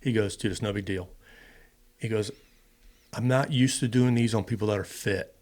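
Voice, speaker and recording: He has a fairly low, darkish voice and talks at normal speed. A middle-aged retired fighter pilot from the United States, he appears as a podcast guest and casually shares a long personal story, taking on both voices in the conversation.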